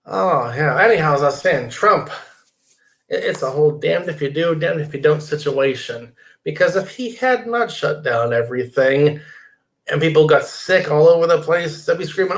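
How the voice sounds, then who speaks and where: A man's voice: fairly high pitch, animated, normal speed. A middle-aged man hosting a casual live stream from his computer desk, rambling, reading viewer comments aloud and inviting people to join.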